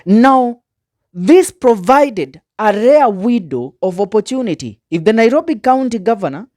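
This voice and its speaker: A woman's voice: fairly high pitch, lively intonation, measured pace, warm tone. Emphatic woman explaining law. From Kenya. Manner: emphatic, addresses viewers directly with rhetorical questions. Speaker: political commentator. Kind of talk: reading and explaining the law to viewers.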